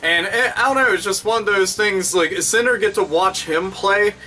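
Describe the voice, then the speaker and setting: A man's voice: sits high, normal speed. Profane, rambling man vlogging. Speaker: YouTube vlogger. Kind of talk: casual vlog monologue. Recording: bright voice, somewhat distant mic, faint music.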